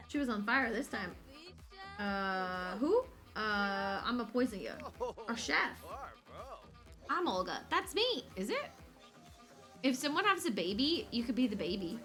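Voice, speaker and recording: Streaming a life-simulation game, a woman with a bright, forceful, medium-pitched voice comments casually, swears freely and talks to her characters while game music plays behind her.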